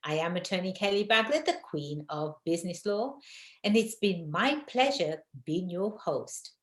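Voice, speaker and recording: A woman's voice: fairly low pitch, very animated, moderate pace. Effusive English woman host in an echoey room. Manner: warm and effusive, laughs often. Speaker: podcast host. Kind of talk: casual interview chat. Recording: roomy echo.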